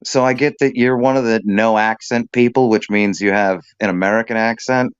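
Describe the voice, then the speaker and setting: A man's voice: fairly low pitch, steady tone, moderate pace, clear, resonant tone, dry recording. Profane, jokey man on a muffled stream. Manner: profane, jokey, slips into put-on accents. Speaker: panel guest. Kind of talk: casual stream chat.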